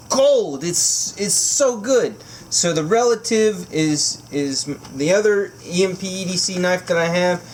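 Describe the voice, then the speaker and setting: A man's voice: on the high side, slight background noise. Giggly, gushing man unboxing a knife. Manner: gushing, giggly, overcome with excitement. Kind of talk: unboxing vlog. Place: indoors at home by candlelight.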